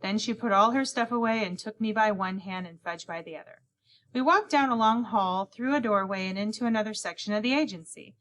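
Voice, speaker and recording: Reading a children's novel aloud, a female audiobook narrator takes on a young boy's first-person voice and acts out the lines of the other characters. Her pitch is medium, her tone fairly bright, and her pace a little fast in this scripted narration.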